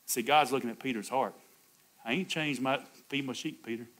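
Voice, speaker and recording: At a brisk pace, a male pastor preaches with call-and-response energy, jumping from booming, high exclamations down to hushed, low asides and chuckling as he moves between points.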